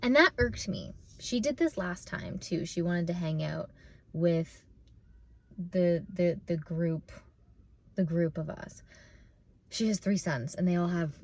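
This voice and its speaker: A young woman vlogging from her parked car, talking in a rambling way with many fillers and restarts, close to tears. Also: fairly low pitch. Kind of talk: casual emotional vlog.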